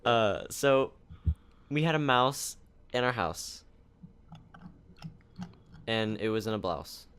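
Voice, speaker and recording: A young man co-hosting a podcast over a voice call, telling rambling, animated stories. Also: medium pitch, slow, pauses often, a little hiss or hum. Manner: rambling, animated, acts out family members. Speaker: podcast co-host. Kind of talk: casual chat, storytelling.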